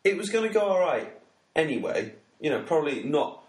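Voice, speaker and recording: Male, higher and lively, comic riffing, roomy echo. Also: a little fast. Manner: jokey, spins comic scenarios. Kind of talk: casual banter. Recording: echoey room with faint noise.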